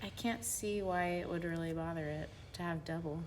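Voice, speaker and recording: Woman, teasing, questioning, fairly low voice, casual chat. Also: steady tone, a little fast, darkish tone, a little hiss or hum. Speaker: wife and co-host. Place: home garage.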